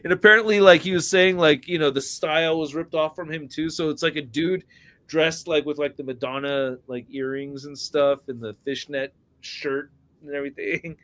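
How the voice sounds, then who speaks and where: A man chatting casually on a podcast. His voice sits a bit high for a man. He rambles, laughs easily and swears a lot. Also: steady tone, moderate pace, fairly bright tone. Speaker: podcast host. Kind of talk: casual chat about action figures.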